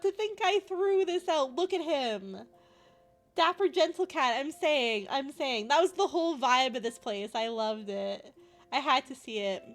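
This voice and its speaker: Woman, streamer, high-pitched, casual chat, giggly, soft music underneath. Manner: giggly, laughs often, chatty.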